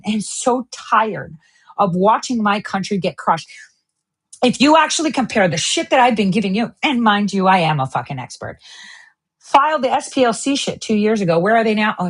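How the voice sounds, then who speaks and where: A woman's voice: mid-range voice, sing-song, normal speed, fairly bright tone, breathy edge. A woman hosting a political commentary show, ranting in a heated, profane, sarcastic way. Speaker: host.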